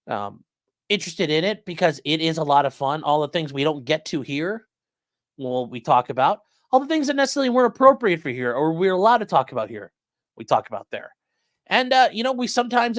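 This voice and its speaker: A man's voice: on the high side, a bit bright, dry recording, studio quality. A man hosting a livestream, chatting casually and reading out viewer comments with loose, repetitive phrasing. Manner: loose and conversational, many fillers, repeats phrases. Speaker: host of a legal commentary livestream.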